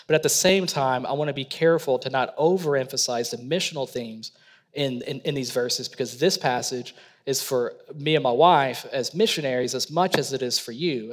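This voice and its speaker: A man, a missionary, preaching a sermon in an earnest, emphatic way, slowing down to stress key phrases and sometimes repeating words. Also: medium pitch. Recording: long hall reverb.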